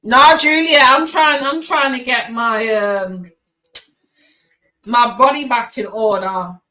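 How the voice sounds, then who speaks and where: Bright-voiced chatty woman, slang. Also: on the high side, takes it slowly, low-quality recording. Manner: chatty, addresses viewers by name, slangy. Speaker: tarot reader hosting a live stream. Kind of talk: casual live-stream chat.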